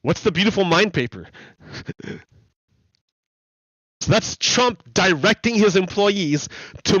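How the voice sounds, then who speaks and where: A man's voice: sits high, fairly bright tone, no echo. An American man hosting a livestream, giving casual commentary in a chatty way, laughing often and repeating his points. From United States. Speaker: livestream host. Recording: dry, slightly dull lo-fi sound.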